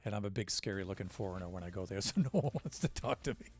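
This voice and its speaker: Low-voiced American man chatting to stream viewers. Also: quick pace, a little mellow, soft background music. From United States. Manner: rambling, with many fillers and restarts. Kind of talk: casual chat with stream viewers.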